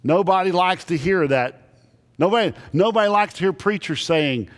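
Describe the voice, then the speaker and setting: A male pastor preaches with emphatic, dramatic pauses and drops his voice low for the key lines. His voice sits a little high for a man. A long reverb trails after every phrase, as in a big church sanctuary. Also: animated. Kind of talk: sermon. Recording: long reverb in large hall.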